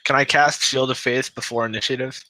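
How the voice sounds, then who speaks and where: A man playing a tabletop game, calmly walking through his character's moves step by step. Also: mid-range voice, fairly quick, no echo, poor audio. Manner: describes actions step by step. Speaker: player. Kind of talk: casual tabletop play.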